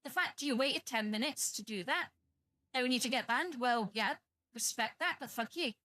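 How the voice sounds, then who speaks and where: A woman's voice: a little high, moderate pace, bright, forceful tone, no room sound. A young British woman streaming live, chatting to viewers in a blunt, profane, rambling way and sounding tired. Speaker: livestreamer.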